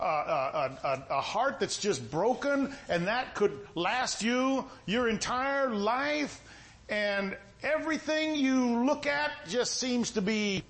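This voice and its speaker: A middle-aged man preaching a sermon in a folksy, conversational way, with a voice that sounds stern even when he is not angry. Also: very high voice.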